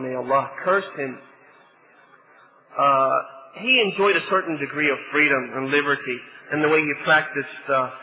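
High-voiced man preaching a sermon. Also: dull audio. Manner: swells to impassioned rhetorical questions, then drops soft. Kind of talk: religious sermon.

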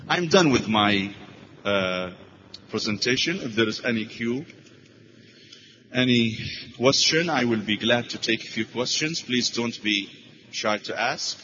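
A man's voice: medium pitch, animated, measured pace, pauses often, in a large hall, lo-fi sound, background noise. A man giving a religious lecture and taking questions, telling stories earnestly and using Arabic phrases.

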